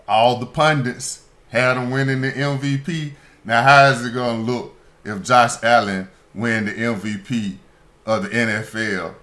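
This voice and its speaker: A man's voice: medium pitch, fairly bright tone. A man hosting a sports talk radio show, delivering an opinionated monologue that turns emphatic and indignant. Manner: emphatic, rising to heated indignation.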